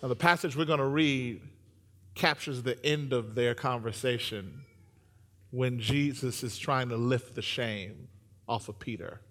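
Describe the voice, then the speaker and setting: A man preaching a sermon, joking with the congregation and building to loud, sung-out emphasis. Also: medium pitch, a little slow, big-room sound. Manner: humorous, animated, builds to shouting.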